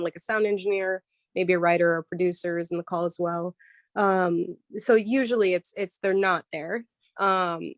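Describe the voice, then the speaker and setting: A woman voice actor, a guest in a casual interview, explaining her work in a lively way with many "um"s and "like"s. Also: fairly low pitch, no echo, studio quality.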